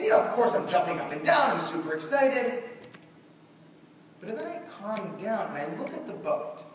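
Young male keynote speaker, high lively voice, echoey far-off hall sound. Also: slight background noise. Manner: animated, acts out quotes. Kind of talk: storytelling keynote. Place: large conference hall.

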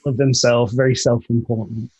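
A man narrating a tabletop game as game master, halting and full of fillers. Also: mid-range voice, level tone, a little mellow, breathy edge, low-quality recording.

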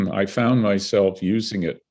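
In a fairly low voice at a measured pace, an older filmmaker from Canada shares stories as a guest in a conversational interview, animatedly acting out everyone he quotes.

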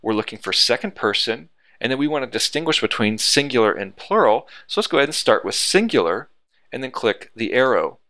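A man teaching a software tutorial over a screen recording, explaining each step methodically. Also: mid-range voice, big pitch swings, a little fast, no room sound.

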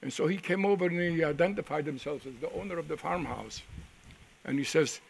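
An older man tells his own story as a survivor in a gravelly, husky voice that sits a little high for a man. He speaks haltingly, restarting and repeating words as he recalls events. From Poland. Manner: vivid storytelling that acts out the voices of people he quotes. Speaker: Holocaust survivor giving testimony. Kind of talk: first-person testimony.

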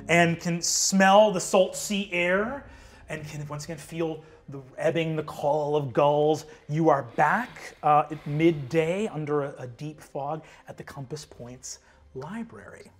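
A man narrating a tabletop game as game master, lively and peppered with fillers between vivid scene-setting. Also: fairly high pitch, slow.

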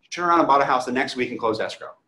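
A man's voice: mid-range voice, lively intonation, racing, bright, forceful tone. A man who is a real estate agent, giving a casual training talk and acting out both sides of client conversations. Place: training room. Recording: echoey room.

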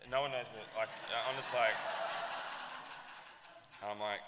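A man with a fairly low, bright, forceful voice spins a profane backstage tale on a festival panel. He acts out every voice as he goes. The sound carries the long echo of a large hall, with faint noise behind it. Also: steady tone, slow pace, long pauses. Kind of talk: animated storytelling with quoted dialogue.

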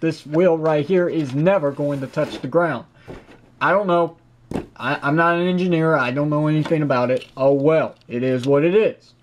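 A man's voice: on the high side, normal speed, slight background noise. A man reviewing a toy on camera in a chatty, opinionated and enthusiastic way, filling his talk with "you know". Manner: enthusiastic, with frequent praise. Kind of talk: casual product review to camera.

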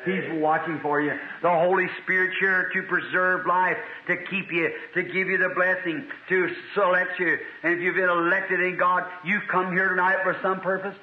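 A man's voice: high-pitched, little pitch movement, moderate pace, few pauses. A man preaching a revival sermon, telling a story in a fervent, folksy way. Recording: tinny archival hall recording.

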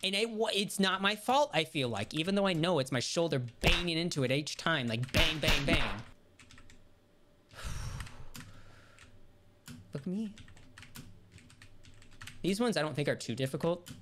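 A woman streamer giving casual commentary over her gameplay, talking to herself and swearing and yelling when she gets frustrated. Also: deep voice, expressive, a little slow, long pauses, background noise. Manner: talks to herself while playing. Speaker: gaming streamer.

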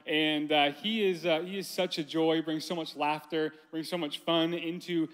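A man's voice: a little high, fairly even intonation, moderate pace, a bit bright. A man in his thirties preaching at a conference, telling a family story with humor and speaking directly to the audience. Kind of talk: sermon with personal story. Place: large conference hall. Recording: long hall reverb.

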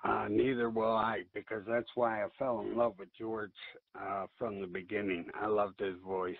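A man's voice: on the low side, flat delivery, normal speed, creaky, no room sound. A man hosting a casual interview chat, asking questions and giving brief agreeing replies. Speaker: podcast host. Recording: dry phone-like call audio.

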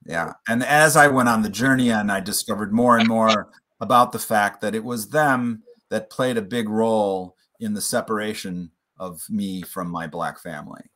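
Brief: man, interview guest, low pitch, bright tense edge, earnest storyteller. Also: normal speed. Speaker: podcast guest, playwright and author.

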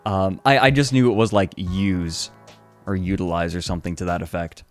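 An American man chatting casually on a livestream, playful and quick to laugh. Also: sits low, faint music behind. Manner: laughs a lot, playful, lively. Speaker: streamer.

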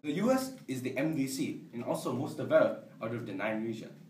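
A young man playing a humble, hopeful job applicant who speaks in simple, halting phrases in an amateur comedy sketch. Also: medium pitch, lively intonation, darkish tone, natural voice. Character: humble, hopeful male applicant Mister Yoon. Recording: roomy, distant, faint background noise.

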